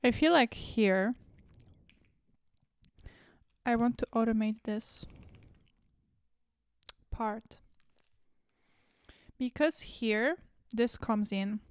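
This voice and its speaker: Woman producer, smooth and slightly high, slow unhurried musing, close dry mic. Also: dry recording. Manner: musing, self-correcting, drops to soft asides. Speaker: music producer. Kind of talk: casual think-aloud commentary while producing.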